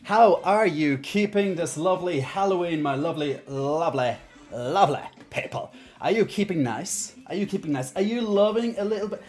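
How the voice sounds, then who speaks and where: A woman's voice: fairly high pitch, very animated, slow pace, soft background music, pitched above the performer's own voice, full character voice. A woman doing a cheesy mock-Italian pizza host. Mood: hammy. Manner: playful, over the top. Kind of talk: comic bit on a game livestream.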